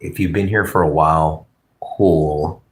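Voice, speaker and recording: A male streamer with a low, deep voice, chatting at an unhurried pace. He rambles, jokes crudely and greets viewers from chat in a loose, casual way. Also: steady tone. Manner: rambling, joking, crude, reads chat aloud. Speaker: livestream host.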